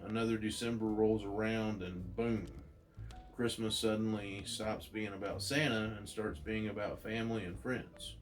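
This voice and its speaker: A man's voice: on the low side, fairly even intonation, normal speed, soft background music, natural voice. A man reading as an earnest young male hero.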